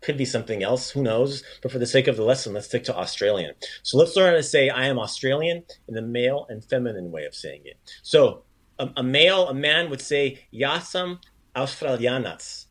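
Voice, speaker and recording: A man, a language teacher, hosts a casual podcast language lesson in a relaxed, upbeat way with a mid-pitched voice. He encourages and praises often, slowing down to repeat and model each phrase.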